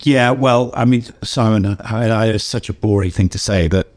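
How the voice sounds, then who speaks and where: An older English man, a game designer being interviewed, telling anecdotes in a lively way and acting out the voices of people he quotes. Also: fairly low pitch, moderate pace. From England. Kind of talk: animated storytelling in an interview.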